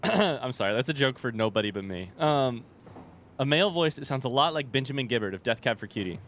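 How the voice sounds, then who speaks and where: A man thinking aloud as he plays a video game, in an excitable, rambling way full of swearing and jokes. His voice sits at a middle pitch for a man, with a faint low rumble in the background. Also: fairly quick. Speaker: let's-play gamer. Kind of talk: casual, unscripted game commentary.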